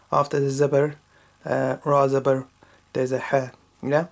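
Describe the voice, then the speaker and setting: A man teaching children to recite a Quran chapter, explaining letter sounds slowly and often checking in with "yeah?". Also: completely flat delivery, creaky. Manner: slow, repetitive explaining with frequent checking "yeah?"; intones Arabic verses louder and higher when reciting. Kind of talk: patient recitation lesson for children.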